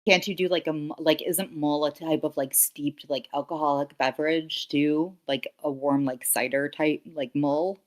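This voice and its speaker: A woman's voice: low-pitched, steady tone, moderate pace, few pauses. A woman in casual stream chat who laughs often, mocks herself and thinks aloud with lots of "like"s. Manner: giggly, self-mocking, thinks aloud with many "like"s.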